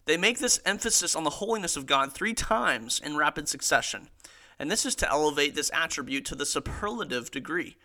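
Young male podcast host, earnest Bible teacher, very bright, slightly high voice, casual delivery. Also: expressive, brisk. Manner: earnest, reads quotes aloud with emphasis, frequent restarts.

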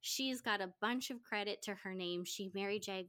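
A woman hosting a podcast, telling a story in casual chat, animated and chatty. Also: mid-range voice, moderate pace, clean tone. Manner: animated, chatty, quotes people in lively voices. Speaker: podcast host.

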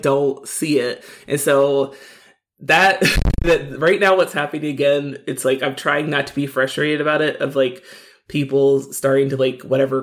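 A podcast co-host venting frustration in a rambling casual chat, full of fillers. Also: mid-range voice.

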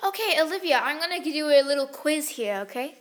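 A woman's voice: high voice, expressive, quick pace. A young woman co-hosting a casual book chat, giggly and playful as she recites verse. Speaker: book podcast co-host.

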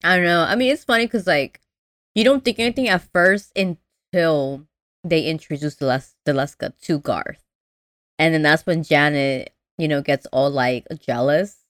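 A woman co-hosting a podcast in casual chat, animated and acting out movie lines in voices. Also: sits low, normal speed, no room sound, clean studio sound. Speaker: podcast co-host.

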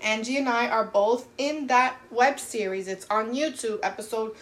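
A woman co-hosting a casual chat podcast, talking in an animated, emphatic way and giving playful advice. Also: a little high, moderate pace. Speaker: podcast co-host.

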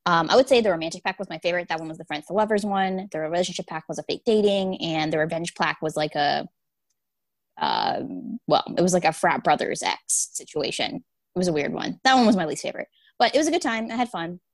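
A woman co-hosting a podcast, giving a relaxed casual rundown with many ums. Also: on the low side, fast, no room sound. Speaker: podcast co-host. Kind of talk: casual chat.

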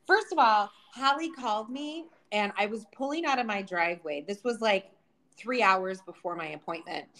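A woman co-hosting a podcast, telling a story in casual chat, acting out quotes and laughing. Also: medium pitch. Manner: animated, acts out quotes, laughs. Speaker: podcast co-host. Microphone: remote video call.

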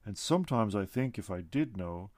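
A man voicing a calm, wise male tree spirit in a storybook reading, speaking slowly and softly. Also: lowish voice, no echo, lightly acted. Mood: wistful. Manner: slow, soft, patient.

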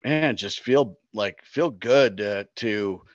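A man's voice: fairly low pitch, slow pace, no echo. A middle-aged man co-hosting a podcast, speaking in an earnest, reflective casual chat. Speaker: podcast co-host. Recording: slightly dull, lo-fi sound.

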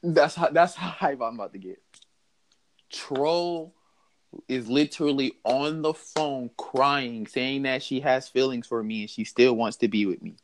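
A young man telling a story in casual chat, animated and mocking, laughing as he goes. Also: medium pitch, unhurried. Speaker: podcast host telling a story.

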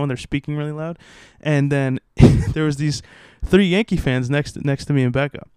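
A man's voice: on the high side, moderate pace, few pauses, darkish tone, clear, resonant tone, no echo, studio quality. A young man co-hosting a podcast, telling rambling stories in casual chat with lots of fillers. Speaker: podcast co-host.

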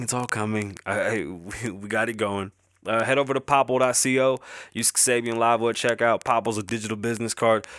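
A man's voice: mid-range voice, fairly bright tone, clean tone, no room sound. A man with a Bronx New York accent hosting a podcast in a casual, rambling way, easily sidetracked, swearing and laughing as he goes, speaking close to the microphone. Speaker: podcast host. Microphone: close-up podcast mic.

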